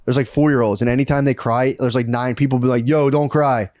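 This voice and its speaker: A man's voice: medium pitch, flat delivery, fast, a little mellow, no echo, studio quality. A man co-hosting a podcast, telling crude funny stories in casual chat, often laughing and acting out other people's voices. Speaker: podcast co-host.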